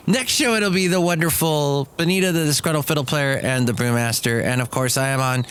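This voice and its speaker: A man's voice: a little high, brisk, hardly any pauses, fairly bright tone, slight background noise. Rambling jokey male podcast host. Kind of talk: casual solo podcast monologue.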